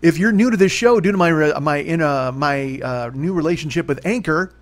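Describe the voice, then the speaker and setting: A man in his forties talks quickly through a rambling solo podcast monologue. His voice sits a bit high, and he swears casually and laughs at himself. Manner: rambling, profane, self-deprecating. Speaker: podcast host.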